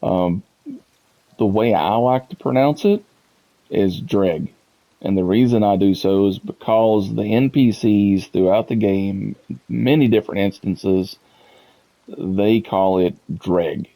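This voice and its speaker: Low, mellow-voiced gaming YouTuber. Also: male voice, measured pace, low-quality recording. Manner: chatty, amused, laughs often. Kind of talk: casual chat to viewers.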